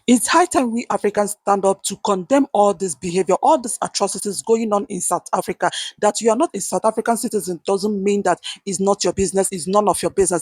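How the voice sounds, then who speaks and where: Earnest husky commentator. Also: medium pitch, a little mellow, no echo. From Nigeria. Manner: earnest, repetitive, rhetorical questions to viewers. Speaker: online commentator. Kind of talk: opinion vlog reacting to news.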